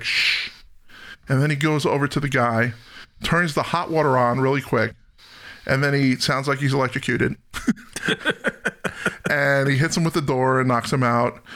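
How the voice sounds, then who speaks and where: A man hosting a casual film-review podcast, animated, laughing often and acting out scenes. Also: medium pitch. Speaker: podcast host.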